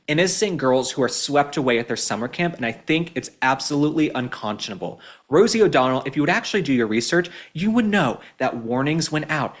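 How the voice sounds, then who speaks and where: A male commentary host from Texas in an indignant, mocking rant. His voice runs high and leaps about in pitch, and he keeps the delivery lively and sarcastic. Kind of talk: political commentary.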